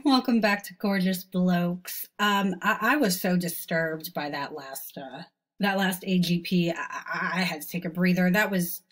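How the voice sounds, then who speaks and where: A woman's voice: on the low side, unhurried. Snarky rambling woman host. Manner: snarky, rambling, stammering restarts. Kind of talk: mocking commentary on selfies.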